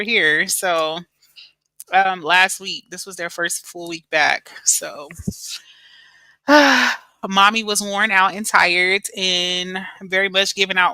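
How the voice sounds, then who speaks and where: A bright, forceful woman talks to viewers on her live stream. She sounds middle-aged, and her voice is close and dry. She is chatty, calls people "baby" and says "y'all" a lot. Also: lowish voice, slow, vocal fry, no echo. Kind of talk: casual live-stream chat.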